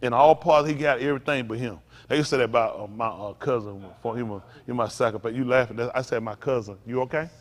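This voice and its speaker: Speaking fast with hardly any pauses, a man with a mid-range voice, a pastor, preaches a conversational sermon in a synagogue sanctuary. He keeps making asides to the room, and the audio has long hall reverb.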